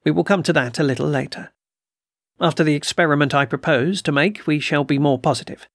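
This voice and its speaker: A man reading as a composed doctor of the occult in a storybook recording, speaking quietly and deliberately. His voice is slightly raised and gravelly. The recording is dry and close. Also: on the high side, dry recording. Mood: calm. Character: calm deliberate male occult doctor, measured. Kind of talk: audiobook character reading.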